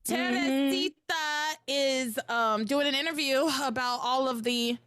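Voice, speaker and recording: A woman co-host with a fairly high voice, chatting casually and laughing often. She recaps a story with loose, swearing asides. The sound is dry and close. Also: fairly even intonation, measured pace, fairly bright tone, clean tone, dry recording. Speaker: podcast co-host. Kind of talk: casual chat.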